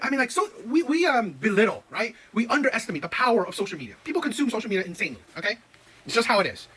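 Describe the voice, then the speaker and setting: A man's voice: very high-pitched, pushed and bright, husky, low-quality recording. A man hosting a reaction channel, ranting in argumentative commentary and tagging his points with "right?". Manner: argumentative, repeats "right?" often.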